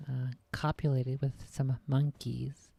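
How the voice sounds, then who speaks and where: A woman chatting on a stream in a deadpan, hesitant way. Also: very deep voice, slow pace, vocal fry, husky. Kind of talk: casual stream chat.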